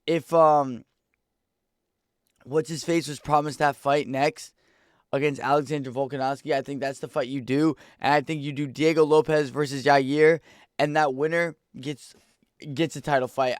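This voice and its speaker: Slangy, excitable young guy reacting to fights. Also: fairly high pitch, no room sound, studio quality. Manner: slangy, excitable, rambling with lots of "bro". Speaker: MMA reaction YouTuber. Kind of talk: casual fight reaction vlog.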